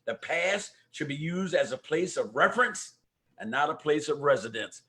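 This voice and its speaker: An older man hosting a community talk livestream, his voice sitting a little high for a man. He greets viewers by name and presses them to vote with a preacher's fervor. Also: lively intonation, moderate pace. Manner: warm preacher-like exhortations. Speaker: host of a community talk show. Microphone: microphone at home.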